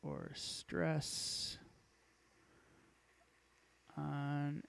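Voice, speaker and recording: A man's voice: fairly high pitch, completely flat delivery, extremely slow, gravelly, clear, resonant tone. A male music teacher reading worksheet instructions aloud and counting beats as he walks through the exercises.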